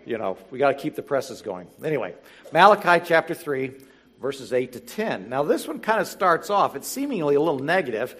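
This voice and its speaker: A man preaching a sermon, reading scripture slowly and building to emphatic, animated exhortation. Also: fairly high pitch, breathy edge. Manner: reads scripture slowly and deliberately. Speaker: pastor.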